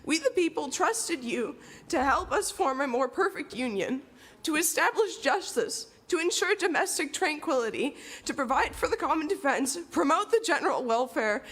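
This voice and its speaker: A woman's voice: sits high, a bit bright. Tearful young woman reading a solemn statement. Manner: solemn, declamatory, echoing a founding text. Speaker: public commenter, student. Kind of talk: public comment speech. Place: city council chamber.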